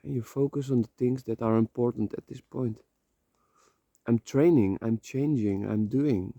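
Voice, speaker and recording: A man's voice: mid-range voice, measured pace, creaky, dark tone, no room sound. A man from the Netherlands, walking outdoors and talking into his phone in a rambling, heartfelt monologue, swearing casually as he goes. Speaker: vlogger. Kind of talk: emotional motivational monologue. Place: outdoors, walking on a slippery path.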